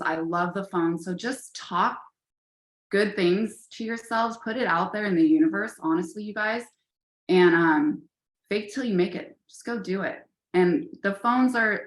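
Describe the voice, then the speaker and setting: Encouraging woman in an echoey room. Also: medium pitch. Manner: encouraging, addresses listeners as "you guys", many fillers. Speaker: sales team leader. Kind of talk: casual motivational talk on a video call.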